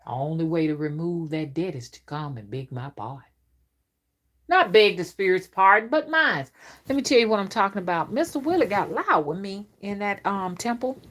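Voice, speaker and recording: Stern woman, lowish voice. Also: big pitch swings. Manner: stern, warning, drawn-out emphatic storytelling. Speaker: rootwork spiritual reader. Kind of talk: casual storytelling monologue to camera.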